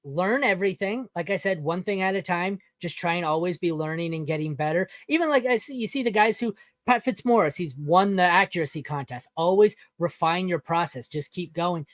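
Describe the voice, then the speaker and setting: A man's voice: high voice, a little fast. A blunt man chats casually as a podcast guest, swearing freely and acting out little stories. His voice sits in a dry, close space with no room echo. He talks plainly and directly. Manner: blunt, profane, animated storytelling.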